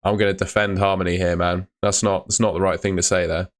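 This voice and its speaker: A man's voice: deep voice, little pitch movement, quick pace. A young man hosting a live fantasy football stream, chatting casually and answering comments. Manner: casual, chatty, uses mate and fillers.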